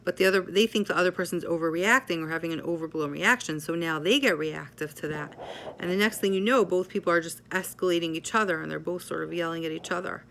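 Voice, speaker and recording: A woman psychotherapist giving a measured explanatory talk, often checking in with "right?". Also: on the low side, creaky, a bit bright, slight background noise.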